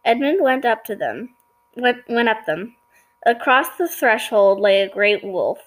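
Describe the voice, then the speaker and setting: A woman's voice: fairly high pitch, lively intonation, measured pace, rough recording. A woman reading a children's book chapter aloud, now and then stumbling over words and apologizing. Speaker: reader.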